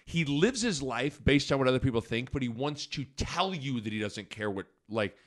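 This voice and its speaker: A man's voice: mid-range voice, lively intonation, normal speed, a bit bright. A man co-hosting a casual sports podcast, rambling through his points with lots of fillers and restarts.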